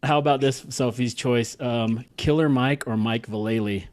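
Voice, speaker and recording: A man's voice: mid-range voice, moderate pace, darkish tone. A man hosting a chatty interview. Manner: friendly, hesitant questioner with many restarts. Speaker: podcast host. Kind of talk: casual interview.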